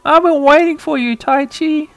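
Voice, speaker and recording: A storyteller voicing a cute, eager little pink blob creature in a high cutesy voice while retelling a game cutscene for sleep. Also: normal speed, dry recording.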